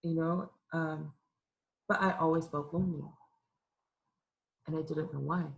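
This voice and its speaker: In a church room with listeners present, this young Los Angeles youth minister tells her personal story candidly and emotionally, sometimes in tears, stumbling through fillers and restarts. Her low voice holds a steady tone, a little slow, with vocal fry, and the recording has its highs cut off.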